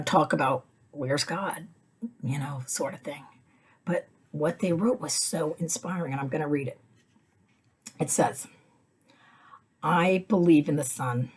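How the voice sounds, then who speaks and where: A woman hosting a weekly message of hope, speaking softly and reflectively in a casual devotional talk, with many filler phrases. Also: deep voice, slightly rough. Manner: soft-spoken and reflective, with many "you know" fillers. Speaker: host of a weekly inspirational message.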